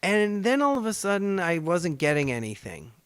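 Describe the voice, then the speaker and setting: A middle-aged man from Canada chats and rambles with animated energy as host of his own show. His voice is smooth and fairly high for a man. The sound is close and dry. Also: normal speed, dry recording. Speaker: podcast host and voice actor. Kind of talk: casual storytelling chat.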